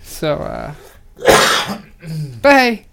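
A man's voice: sits high, huge pitch swings, very slow, creaky, sharp tone, clear, resonant tone. A man co-hosting a casual podcast, talking in a crude, rambling, joking way. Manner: profane, rambling, jokey. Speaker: podcast co-host.

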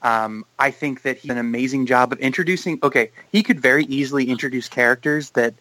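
A man co-hosting a film podcast, making his case earnestly with plenty of ums and restarts. His voice is bright and mid-pitched. The recording is dry and close. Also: quick pace, dry recording, poor audio. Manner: earnest, talks in long runs with ums and restarts. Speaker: podcast co-host. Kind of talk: casual film chat.

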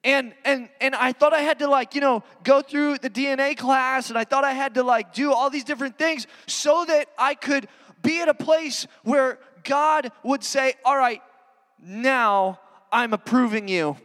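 Very high-voiced preacher in a reverberant hall. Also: male voice, steady tone, normal speed, a bit bright. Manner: conversational, earnest, many "you know" fillers. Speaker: pastor. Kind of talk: sermon.

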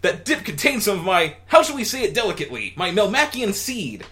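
A man voicing a wisecracking, smug and crude male alien in a comedic dramatic reading, with a loud, teasing delivery. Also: high voice, sing-song, a little fast, voice pushed up, exaggerated voice.

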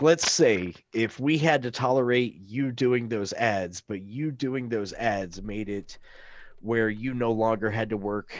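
A man's voice: mid-range voice, no room sound. A man co-hosting a podcast in casual chat, fired up and swearing freely as he rants. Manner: profane, fired-up ranting. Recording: dull lo-fi mic.

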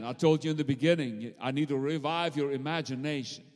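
In a church sanctuary with long hall reverb, a man preaches a fervent, repetitive sermon and calls on the congregation to answer back. His voice is a little high and darkish, brisk and fairly even in intonation, with hardly any pauses.

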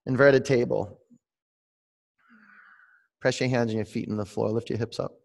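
A man teaching a guided online yoga class, mixing calm meditative coaching with direct instructions and calling students by name. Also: medium pitch, normal speed, gravelly.

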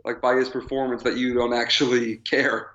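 A man's voice: mid-range voice, level tone, moderate pace, a bit bright. A man co-hosting a podcast in casual chat, enthusiastic and laughing between phrases. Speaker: podcast co-host. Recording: slightly dull lo-fi mic.

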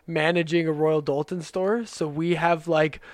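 Male podcast co-host, higher voice, rambling casual delivery, dry close mic. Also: steady tone, unhurried, dry recording. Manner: rambling, filler-heavy, swearing. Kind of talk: casual chat.

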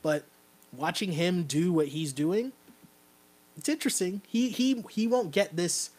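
A man's voice: high-pitched, measured pace, a little mellow. A Canadian man hosting a podcast, chatting casually about basketball and often checking in with "right?". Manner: talkative, keeps asking "right?". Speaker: podcast host. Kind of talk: casual sports chat.

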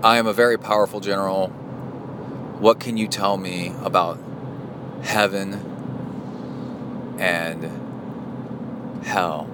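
A man's voice: low voice, little pitch movement, slow pace, long pauses. A man voicing a furious, boastful male warlord general in a story he tells, over road noise from a car. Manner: shouting threats, enraged.

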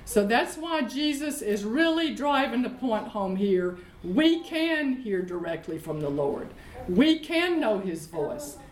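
A middle-aged woman preaches in a slow, deliberate rhythm, dwelling on each verse and repeating its key phrases. Her voice sits a little higher than most, and it rings out in an echoey room. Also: very animated, darkish tone. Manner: leads call-and-response with congregation. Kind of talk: sermon with Bible reading.

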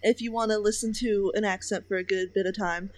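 A woman's voice: medium pitch, steady tone, a little fast. A woman co-hosting a casual podcast chat, reacting with exclamations and laughing along. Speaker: podcast co-host listening.

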